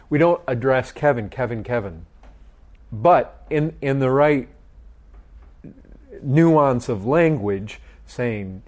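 A man's voice: mid-range voice, a little mellow. A middle-aged man leading a group Bible study, asking questions and often repeating his words. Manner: slow, questioning, repeats phrases.

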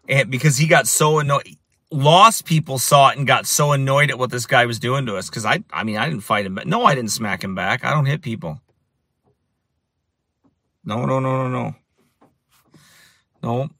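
A man's voice: mid-range voice, measured pace, long pauses, sharp tone, dry recording. A man who preaches on the street tells stories in a casual monologue, often repeating phrases for emphasis. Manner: repetitive, restarts phrases for emphasis.

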